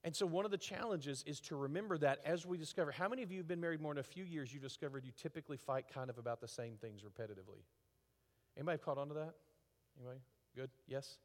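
A middle-aged man preaching a conversational sermon as a pastor, with lively acted asides. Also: on the high side, quick pace. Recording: long hall reverb.

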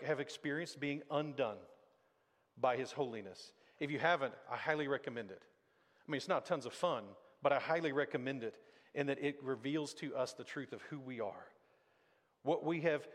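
A man preaching a sermon as pastor, talking in a conversational way and acting out quotes. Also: mid-range voice. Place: church sanctuary. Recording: church hall reverb.

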